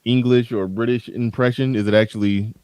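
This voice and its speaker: A man's voice: mid-range voice, steady tone, fairly quick, a little mellow, clean tone, dry recording. A man hosting a casual livestream chat, rambling and often restarting his sentences, into a studio mic with a pop filter. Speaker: host.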